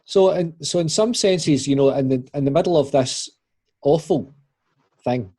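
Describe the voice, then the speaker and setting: A man's voice: on the high side, moderate pace, warm tone, breathy edge. A man hosting a casual church podcast, asking rambling questions with many restarts. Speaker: podcast host.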